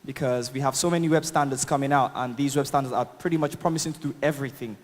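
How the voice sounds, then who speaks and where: A man's voice: medium pitch, quick pace. A man with an accent giving a chatty, upbeat tech talk at a conference, laughing at his own jokes and using lots of fillers. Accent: non-native English accent. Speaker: conference speaker. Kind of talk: live tech talk with demo. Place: large conference hall. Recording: long reverb of a conference hall.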